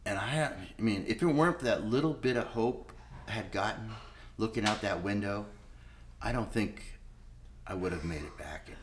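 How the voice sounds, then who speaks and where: A man's voice: fairly low pitch, moderate pace, a little hiss or hum. A middle-aged man giving a candid personal testimony, blunt and unpolished, with frequent swearing, re-enacting past conversations as he talks. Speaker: speaker telling his recovery story.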